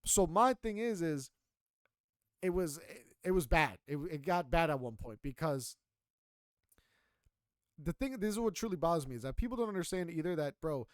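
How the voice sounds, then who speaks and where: A young man co-hosting a podcast, telling a story in a casual, animated and heavily profane way. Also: fairly high pitch, moderate pace, no echo, studio quality. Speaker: podcast co-host.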